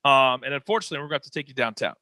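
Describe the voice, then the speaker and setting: A man's voice: medium pitch, expressive, very fast, sharp tone, no echo, voice pushed down. A man doing a polite apologetic trooper. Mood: polite apology.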